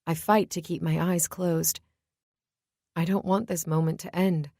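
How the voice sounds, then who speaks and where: A woman narrating a romance audiobook in the first person, reading in a slow, hushed and intimate way. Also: fairly low pitch, fairly even intonation, gravelly, no echo, studio quality.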